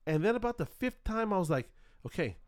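A man's voice: fast, clean tone. A middle-aged man telling a story in casual chat, acting out quotes with big jumps in his voice. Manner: animated, acts out quotes with big pitch jumps.

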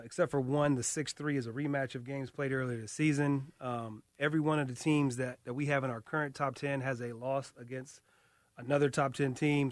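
A man who coaches basketball, guesting on a sports radio show, measured and affable with lots of fillers. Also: mid-range voice, no echo. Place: radio studio.

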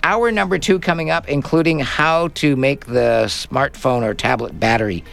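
A man's voice: mid-range voice, normal speed, vocal fry, a bit bright, faint music behind. A man hosting a live radio tech show, chatty and plainly explaining tips from a studio microphone. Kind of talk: live call-in radio chat.

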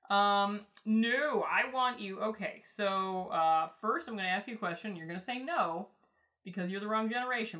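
Bright, rambling female podcast host. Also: mid-range voice, moderate pace. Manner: rambling, excitable, full of fillers. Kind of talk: casual chat.

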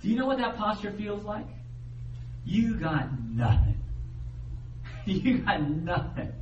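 A man preaching a sermon as the pastor, in a conversational, animated way, and he acts out the voices of the people he quotes. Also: high voice, slow, highs cut off. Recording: roomy echo, heard from a distance, faint background noise.

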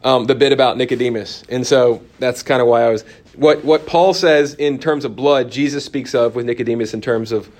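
A man leads a Bible lesson in a church classroom. He talks easily with the group, picking up their remarks. His voice is mid-pitched and often sinks low and quiet to stress a point. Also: steady tone, fairly quick, hardly any pauses. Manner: conversational, answers class comments, drops to quiet emphasis. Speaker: church course teacher.

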